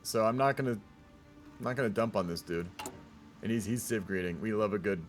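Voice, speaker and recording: A man's voice: on the low side, normal speed, faint music behind. A man streaming and casting a multiplayer strategy game in casual live commentary, rambling and laid-back, swearing and often tacking "man" onto his sentences.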